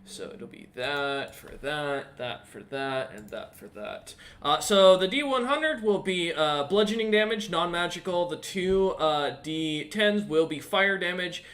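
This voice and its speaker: A man with a slightly raised pitch runs a tabletop game as dungeon master. He talks loosely and profanely, stalling on ums and uhs as he narrates and sorts out rules. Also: lively intonation, fairly bright tone. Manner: casual, profane, halting with many ums and uhs. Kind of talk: running an online tabletop game.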